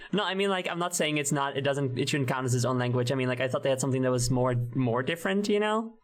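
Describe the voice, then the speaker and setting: A man's voice: mid-range voice, animated, fast talker. A man chatting casually while streaming a game, rambling and restarting sentences, often breaking into giggles. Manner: rambling, self-interrupting, giggly. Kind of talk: casual gaming stream chat.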